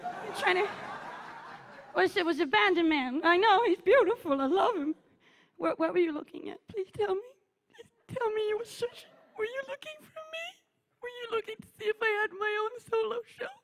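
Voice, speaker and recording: A woman playing needy aging cabaret diva, high and gravelly. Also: animated, normal speed. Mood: gushing, needy. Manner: gushing, melodramatic, needy, teasing the crowd. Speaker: cabaret performer. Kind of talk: live stage character comedy. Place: theatre stage at a festival.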